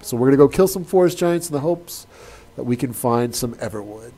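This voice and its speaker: A man, a game developer, chatting casually on a livestream in a relaxed, joking way. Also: mid-range voice, brisk, soft background music. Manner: relaxed, joking, hesitant with fillers.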